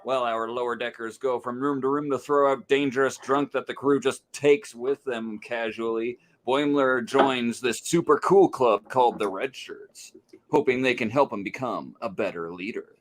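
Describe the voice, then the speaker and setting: Man recapping in a flat monotone. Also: medium pitch, normal speed, a little hiss or hum. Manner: monotone delivery. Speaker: podcast host giving an episode recap. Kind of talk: casual recap on a podcast.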